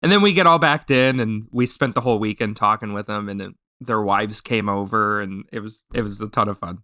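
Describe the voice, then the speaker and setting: A man's voice: lowish voice, a little fast, no echo, clean studio sound. A man hosting a podcast, telling stories in casual chat and acting out the people he quotes. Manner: animated storyteller, acts out quotes. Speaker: podcast host.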